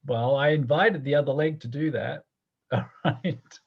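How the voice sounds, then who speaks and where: A man teaching a guided movement class, giving gentle, playful instructions and often laughing. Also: fairly high pitch, lively intonation, normal speed, creaky, slightly rough, lo-fi sound.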